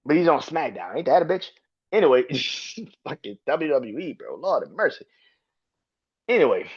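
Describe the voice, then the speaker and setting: A man in the middle of a loose podcast rant who swears constantly and keeps breaking into squeaky, incredulous shouts. His voice sits in an ordinary middle register. The recording is a bit muffled and lo-fi. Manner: profane, excitable, jumps to high-pitched outbursts. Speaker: podcast host. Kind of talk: casual wrestling review rant.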